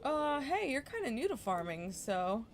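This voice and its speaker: A shy young farm girl speaks in a thin, high, hesitant voice, always sounding a little startled and unsure of herself. She comes across as meek and quiet, as a woman reads her game lines aloud in a put-on voice pitched well above her own. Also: sing-song, unhurried, faint music behind, heavily acted. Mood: timid. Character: timid, easily startled young woman farmer. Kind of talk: reading game dialogue aloud.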